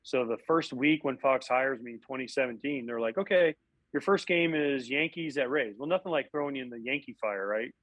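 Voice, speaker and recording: A man, a former baseball catcher and broadcast analyst, telling animated stories from his playing days in a casual interview, often acting out what people said. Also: medium pitch, fairly quick, no echo, rough recording. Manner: animated, acts out quotes.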